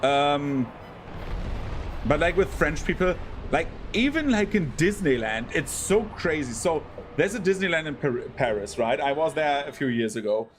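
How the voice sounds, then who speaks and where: A man's voice: on the high side, normal speed, slight background noise. A young man chatting loosely while streaming a game, rambling with many fillers and yelping when in danger. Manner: rambling, full of fillers, bursts into panicked yelps while playing. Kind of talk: casual gameplay commentary.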